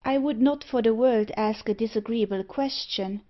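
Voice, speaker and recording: A woman reading the lines of a gentle, frightened young blacksmith's daughter. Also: a little high, moderate pace, muffled recording, natural voice. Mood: anxious. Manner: gentle, anxious.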